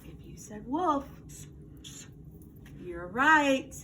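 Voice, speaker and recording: A woman teacher giving a slow, encouraging read-aloud lesson to young children, quizzing them and praising answers. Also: high voice, lively intonation, sharp tone. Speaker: first grade teacher. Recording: distant mic, faint background noise.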